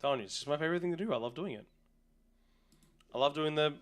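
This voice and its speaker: This young Australian streamer talks fast in a voice on the high side, rambling and chatting to viewers while resetting a game. He seems a bit tired and yawns now and then. There's a little hiss or hum.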